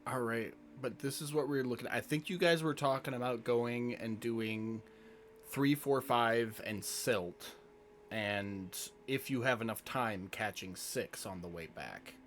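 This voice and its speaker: A man narrating and running a tabletop game as game master, describing scenes in a relaxed way with pauses. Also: mid-range voice, a little hiss or hum.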